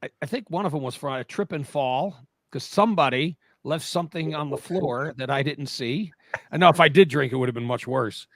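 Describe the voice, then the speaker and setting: A man's voice: a little high, a little fast, fairly bright tone. A middle-aged man from New Jersey in a casual radio chat, telling rambling stories and often interrupting himself. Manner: rambling storyteller, self-interrupting.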